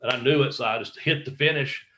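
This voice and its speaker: A man's voice: mid-range voice, fast, sharp tone, a little hiss or hum. A middle-aged man, a wrestler guesting on a podcast, telling rambling, profane anecdotes and acting out the quotes. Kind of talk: casual storytelling interview.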